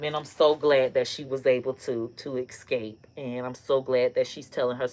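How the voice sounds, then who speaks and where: A woman hosting a casual comedy live stream, telling stories and ranting in a loose, profane, animated way with bursts of laughter. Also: rumbling low. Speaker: online comedy host.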